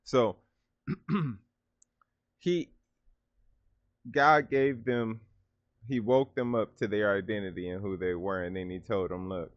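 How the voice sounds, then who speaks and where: Slangy low-voiced reaction host. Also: male voice, steady tone, takes it slowly, pauses often, no echo. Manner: enthusiastic, slangy, thinks aloud. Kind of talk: casual reaction commentary. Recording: dull lo-fi sound.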